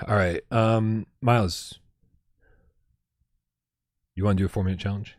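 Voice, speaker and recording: A man co-hosting a casual livestream chat, talking with excitable energy and swearing freely. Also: lowish voice, unhurried, no room sound, clean studio sound. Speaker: podcast co-host.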